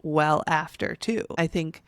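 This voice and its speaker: A woman's voice: low voice, unhurried, no echo. A young woman co-hosting a podcast, talking candidly and expressively, sometimes swearing and acting out what people said. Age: young adult. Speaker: podcast co-host. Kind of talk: casual conversation.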